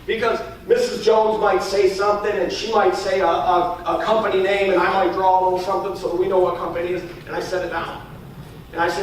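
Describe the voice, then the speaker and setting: Here a fast-talking sales trainer runs a training session, role-playing how he'd pitch clients and frequently asking "all right?". Captured from afar, the audio is very echoey with faint noise.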